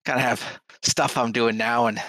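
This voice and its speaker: A man with a bright, forceful voice, rambling through a casual podcast chat with plenty of fillers. The sound is dry and close. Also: medium pitch, steady tone, normal speed, no room sound. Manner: rambling, lots of "like". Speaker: podcast co-host.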